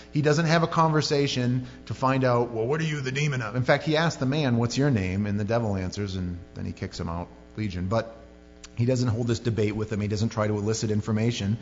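A male pastor preaching a sermon in a conversational, joking way with many asides. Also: medium pitch. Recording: lo-fi sermon recording in a reverberant hall with faint music.

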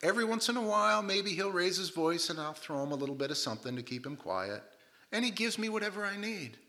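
A man's voice: high-pitched, fast. A man preaching a sermon, telling stories with comic asides and quoting characters in put-on voices. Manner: lively storytelling with comic asides and voiced quotes. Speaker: pastor.

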